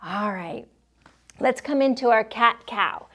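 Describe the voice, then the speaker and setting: A woman with a slightly high voice leads children through yoga poses at an unhurried, calm pace. She talks gently and playfully, coaxing the little ones along and sometimes roaring or meowing with them. She sounds like a young adult. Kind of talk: guided kids' yoga instruction.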